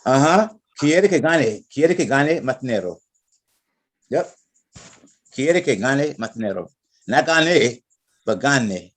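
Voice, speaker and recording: A man's voice: medium pitch, lively intonation, unhurried, long pauses, husky. A man teaching a Spanish class, correcting students patiently and repeating his words. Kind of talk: online class instruction.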